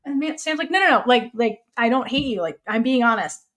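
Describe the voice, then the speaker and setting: A woman co-hosting a podcast, casually recapping a TV episode in an animated way, swearing freely and acting out the characters' lines. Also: on the high side, a little fast. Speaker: podcast co-host.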